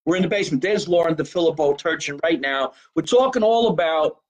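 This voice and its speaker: A man hosting a casual live podcast from a basement, talking in an animated, profane way as he plugs a local deli. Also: on the high side, brisk, poor audio. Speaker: podcast host. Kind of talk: casual live-stream chat.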